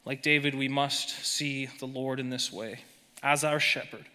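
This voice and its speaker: A male pastor preaching a sermon with emphasis, dropping soft and slow when quoting verses. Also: mid-range voice, steady tone, smooth, long reverb tail. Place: church sanctuary.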